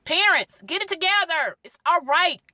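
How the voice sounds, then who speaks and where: A woman's voice: very high-pitched, lively intonation, normal speed, background noise. A young woman, a gospel singer, giving an emotional personal testimony, pleading and repeating her words for emphasis, at times tearful. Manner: pleading, repeats phrases for emphasis, Southern Black church cadence.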